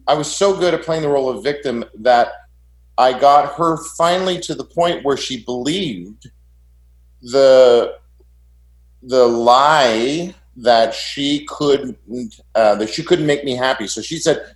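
Man, mid pitch, stumbling over his words, roomy echo. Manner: halting, repeats words while searching for them. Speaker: guest sharing his marriage story. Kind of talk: personal confession.

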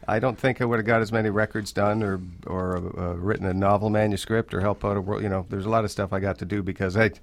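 A man, a musician guest, talking in a relaxed, hesitant way on a radio show. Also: fairly low pitch, quick pace, hardly any pauses. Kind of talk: casual interview chat.

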